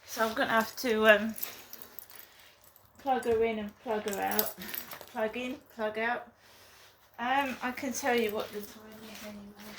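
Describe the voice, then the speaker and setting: Woman, home vlog, rambling, indignant, bright tone, faint background noise. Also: fairly high pitch, steady tone, measured pace. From England. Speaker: vlogger. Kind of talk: casual vlog talk to camera. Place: her flat, indoors.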